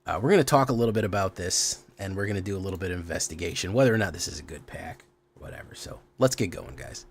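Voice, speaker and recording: A man in casual live-stream chat, hosting the show with an easygoing, rambling delivery. His voice sits a little low. He greets viewers one by one and grumbles aside at his gear between thoughts. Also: quick pace, vocal fry, slight background noise. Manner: loose and chatty, greets viewers by name, mutters at his camera. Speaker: streamer host.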